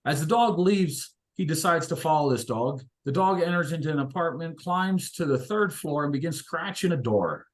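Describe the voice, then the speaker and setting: A man's voice: on the high side, animated, normal speed, few pauses. A man leading an inspirational discussion, telling stories in a reflective, hesitant way with many fillers. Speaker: discussion leader. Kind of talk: inspirational talk with storytelling.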